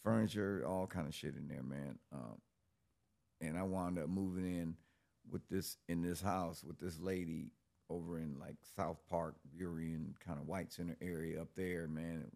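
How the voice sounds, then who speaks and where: A man's voice: low-pitched, steady tone, normal speed, vocal fry, mellow. A middle-aged man, a guest in an interview, telling a story in a casual, laid-back and profane street manner.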